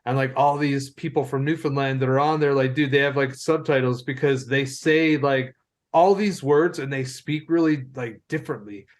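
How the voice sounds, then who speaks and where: A man's voice: medium pitch, normal speed. A man from Ontario telling a rambling story in casual podcast chat, filling every phrase with "like" and swearing freely. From Ontario, Canada. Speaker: podcast co-host.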